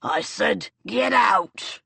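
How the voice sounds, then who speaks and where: Woman doing a rasping brute robber. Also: medium pitch, takes it slowly, fairly bright tone, dry recording, heavily acted. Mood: menacing. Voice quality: thick, rasping voice. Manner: curt, menacing orders. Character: brutish, threatening male highway robber leader. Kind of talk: audiobook character voice.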